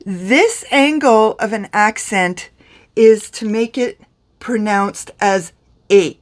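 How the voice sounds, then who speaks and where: A woman's voice: medium pitch, slow pace. A middle-aged woman from France teaching pronunciation to camera in a chatty, self-deprecating way. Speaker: beauty vlogger teaching pronunciation.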